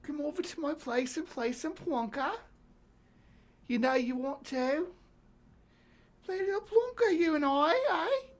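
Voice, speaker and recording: A woman's voice: high-pitched, lively intonation, unhurried, long pauses, pitched above the performer's own voice. A woman voicing a leering, flirtatious woman with a put-on British accent, wheedling and teasing. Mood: flirty teasing.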